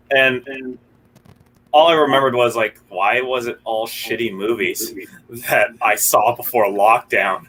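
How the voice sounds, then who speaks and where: A man's voice: medium pitch, a little slow, pushed and bright, low-quality recording. A man on a podcast panel, telling a story in a rambling, laughing way. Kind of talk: casual storytelling.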